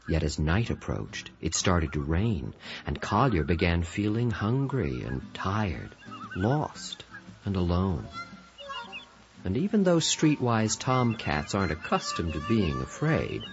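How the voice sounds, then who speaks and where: A man narrating an audio storybook in an expressive, dramatic manner. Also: fairly low pitch, a little hiss or hum. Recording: dull lo-fi recording with music.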